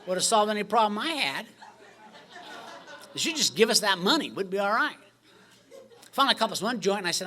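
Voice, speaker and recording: Bright-voiced man telling a lively story. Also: on the high side, quick pace. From United States. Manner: animated, joking storyteller acting out dialogue. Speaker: recovery meeting speaker. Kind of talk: storytelling talk to a recovery meeting.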